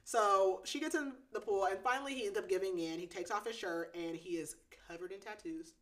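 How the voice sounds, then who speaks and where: A woman's voice: mid-range voice, fairly quick, fairly bright tone. A woman hosting a podcast, casually recapping a romance novel with lots of "like" and frequent giggles. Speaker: podcast host. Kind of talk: casual book recap chat.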